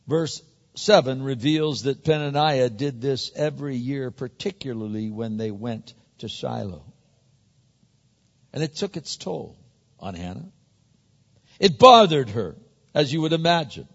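A male pastor preaching a conversational sermon, often repeating words as he builds to a point. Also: mid-range voice. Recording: muffled sound with long hall reverb.

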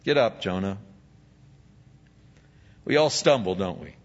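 A male pastor delivers a sermon with a lively, swooping pitch, slipping into the voices of biblical figures as he speaks. His voice rings with a long hall reverb and sounds a little dull and muffled. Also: slow. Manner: animated, acts out biblical figures in dialogue.

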